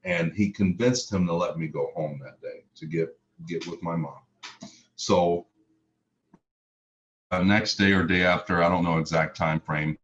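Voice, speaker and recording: Very deep-voiced man telling his story. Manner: vivid present-tense storytelling, emotional. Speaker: motivational speaker. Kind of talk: personal storytelling talk. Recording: slightly muffled recording.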